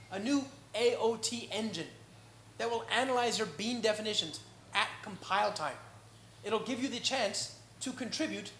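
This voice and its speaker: A man with an American accent giving a live tech talk at a meetup, energetic and joking, often checking in with the crowd. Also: high voice, echoey room, a little hiss or hum. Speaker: conference speaker. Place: indoor meetup venue.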